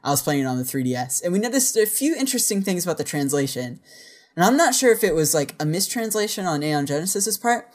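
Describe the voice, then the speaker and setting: A man's voice: high-pitched, sing-song, fast talker. A man co-hosting a podcast in casual chat, rambling with lots of filler words. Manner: rambling, filler-heavy speech. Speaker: podcast co-host.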